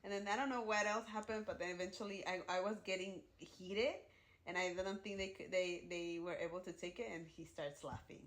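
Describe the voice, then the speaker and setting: A woman's voice: on the low side, a little fast. A young woman co-hosting a podcast, telling a story casually and slipping in Spanish phrases. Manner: relaxed, drops in Spanish phrases. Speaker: podcast co-host.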